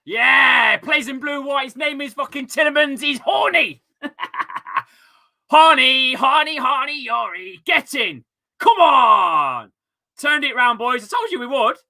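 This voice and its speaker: A man with an East Midlands accent hosting a live football watchalong at home, full of excitable, sweary, rambling banter. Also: very high voice, slow, gravelly. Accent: East Midlands English. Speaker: host of a fan watchalong stream.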